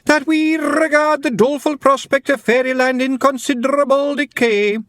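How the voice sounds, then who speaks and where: A man's voice: extremely high pitch, fairly even intonation, moderate pace, fairly bright tone, no echo, clean studio sound, voice pushed up. A man voicing a tiny, theatrical male pixie poet who declaims mournful rhyming verse in a groaning wail. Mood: theatrical lament.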